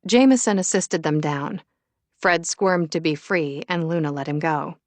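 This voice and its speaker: Dry, low-voiced woman narrating. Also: measured pace, no room sound. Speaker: audiobook narrator. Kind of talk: scripted narration.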